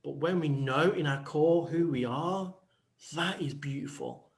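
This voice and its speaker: High-pitched male coach, reflective and playful on a talk panel. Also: a little slow. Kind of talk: panel talk show chat.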